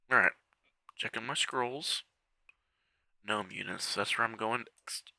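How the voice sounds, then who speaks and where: A man's voice: on the low side, takes it slowly, gravelly, pauses often, sharp tone, dry recording. A man giving casual, chatty commentary over a strategy game, muttering to himself as he clicks through menus, with the hiccups. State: has the hiccups. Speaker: game walkthrough creator.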